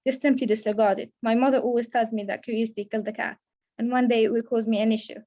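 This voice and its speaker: A cheerful, talkative young woman who apologizes and rambles on, read aloud by a woman in a fairly high, level voice. The sound is dull and low-fi, like webinar audio. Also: fairly even intonation, fast, mellow, natural voice. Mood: chatty.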